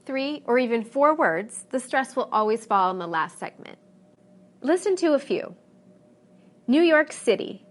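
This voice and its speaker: A woman with a North American accent narrating a scripted pronunciation lesson, saying each example word slowly and with clear stress. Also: on the high side, fairly bright tone. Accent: North American English. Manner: slow, careful, stresses example words. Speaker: English pronunciation teacher.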